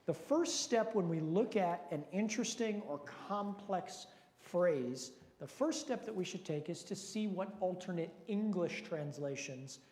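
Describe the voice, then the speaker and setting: Male pastor, mellow and earnest, quizzing his flock; reverberant room. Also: sits high, lively intonation, a little slow. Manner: earnest, questioning, lightly joking. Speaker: pastor leading Bible study. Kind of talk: teaching sermon with prayer and questions. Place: large hall with long reverb. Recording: echoey reverberant hall.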